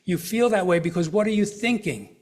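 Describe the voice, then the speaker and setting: A man's voice: high-pitched, brisk, darkish tone. Middle-aged man lecturing a live audience. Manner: conversational, asks the audience questions and uses examples. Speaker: counselor giving a health talk.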